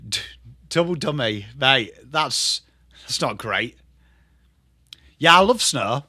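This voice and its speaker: English guy in his 30s hosting a live footy stream, sharp bright voice, dead dry sound, swears a lot chatting to viewers. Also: medium pitch, expressive, takes it slowly, husky, no room sound. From England. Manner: chatty, sweary, answers chat messages. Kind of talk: casual live watchalong chat.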